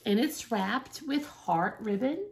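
Woman makeup vlogger, gravelly, slow and lively, gushing, dips into whispers. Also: a little high, a little hiss or hum. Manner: gushing, gasping, often drops to a whisper. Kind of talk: excited unboxing chat.

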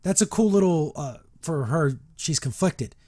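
Chatty man with a slightly high voice. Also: expressive, unhurried, a little mellow, no room sound, studio quality. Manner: chatty, rambling, with many restarts. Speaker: podcast host. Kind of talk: book reading and casual review.

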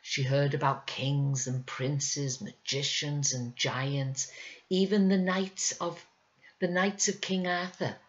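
A woman reading a children's novel aloud in a measured, gentle way. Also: deep voice, steady tone, lo-fi sound. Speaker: audiobook reader. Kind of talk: scripted narration.

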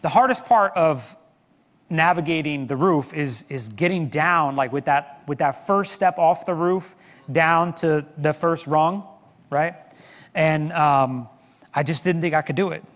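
A middle-aged man preaches from the pulpit, spinning a story with self-deprecating humor. His voice sits a little high for a man. A long church reverb trails his words. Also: a little slow, fairly bright tone. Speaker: pastor. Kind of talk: sermon. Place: church sanctuary.

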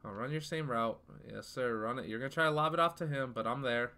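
Young man shouting over football game. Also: mid-range voice, quick pace. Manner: frustrated, trash-talking, bursts into shouts. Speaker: gaming YouTuber. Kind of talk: live gameplay commentary.

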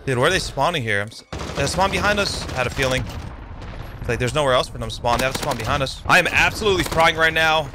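A young man giving excitable live commentary over his own gameplay, yelping and swearing as the fights heat up. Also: mid-range voice, fast, music in the background. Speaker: gaming YouTuber. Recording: game gunfire loud under the voice.

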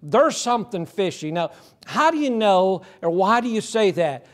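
A man's voice: high voice, very animated, normal speed. A male pastor preaching a sermon, retelling Bible stories and often restarting his sentences. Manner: preaching with many repeated starts and retold Bible dialogue.

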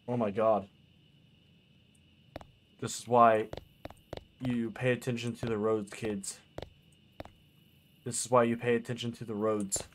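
Lowish man cursing through a game. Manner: swears a lot, exasperated and jokey. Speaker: gaming video creator. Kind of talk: let's play commentary. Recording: loud game noise behind voice.

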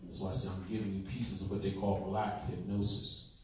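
A man's voice: low-pitched, little pitch movement, a little fast, darkish tone. A man teaching a class in a conversational, repetitive way, at times easing into a soothing hypnotic cadence. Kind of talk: classroom lecture. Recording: echoey room from far off, faint noise.

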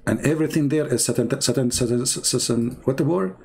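Incredulous, mocking man with a husky voice. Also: mid-range voice, fairly quick, darkish tone. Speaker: religious debater. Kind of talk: mocking commentary.

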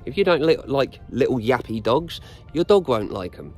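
Here the middle-aged British dog trainer talks at normal speed in a mid-range voice that swings widely in pitch, with faint music in the background. Vlogging on an outdoor walk, he offers casual advice in a plain-spoken, blunt, lecturing manner.

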